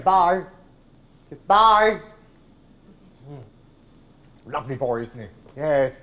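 A man's voice: fairly high pitch, close to an everyday voice. Man impersonating a camp, drawling comedian. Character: camp nasal older male comedian, arch, gossipy. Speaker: stage performer in one-man show. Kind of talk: live stage impression. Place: large theatre, live audience.

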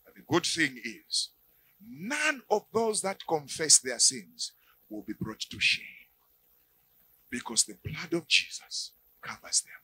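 A man preaching a sermon, animated, acting out little dialogues and shouting at the high points. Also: takes it slowly, husky, rough recording.

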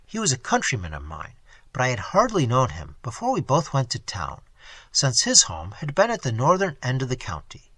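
A man narrates a classic story with a bright, forceful tone and a slightly husky edge. His pitch rises and falls widely as he reads in a measured, expressive way. The recording is dry and close. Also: no echo. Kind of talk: audiobook reading of a classic story.

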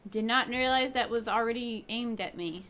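A woman host giving casual, excitable let's play commentary, chatty and swearing freely. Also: on the high side, normal speed. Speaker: gaming video host.

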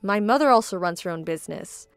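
A woman voicing a hurt, firm young bride-to-be who speaks in a measured, indignant tone. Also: medium pitch, expressive, clear, resonant tone, dry recording, soft background music, lightly acted. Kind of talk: dramatized story voice acting.

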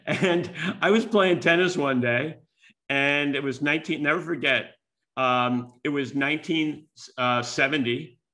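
A man's voice: medium pitch, bright, forceful tone. A man in his seventies from the United States, giving a storytelling keynote talk and acting out quoted dialogue. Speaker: keynote speaker and business school teacher.

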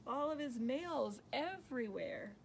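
A woman reading a picture book aloud, voicing an excited little girl with high, eager exclamations. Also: a little slow, vocal fry, slight background noise, heavily acted. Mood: alarmed.

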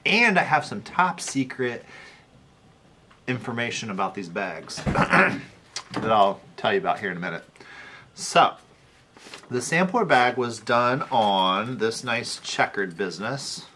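A man's voice: medium pitch, big pitch swings, measured pace, bright, forceful tone, a little hiss or hum. Laughing man showing off stitching goods. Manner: laughing, show-and-tell. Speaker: co-host. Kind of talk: casual chat.

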